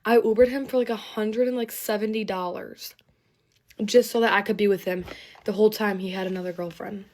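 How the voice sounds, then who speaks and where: A woman's voice: mid-range voice, fairly even intonation, a little fast, darkish tone. Rambling young woman venting a story. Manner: rambling, swearing, upset and venting. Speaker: TikTok storyteller. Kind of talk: get-ready-with-me story time.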